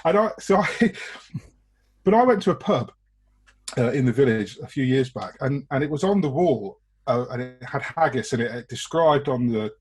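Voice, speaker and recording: A man's voice: mid-range voice, a little mellow, husky. A man from England chatting casually on a podcast, swearing freely, laughing and rambling through anecdotes over a video call. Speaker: podcast guest. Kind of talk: casual chat.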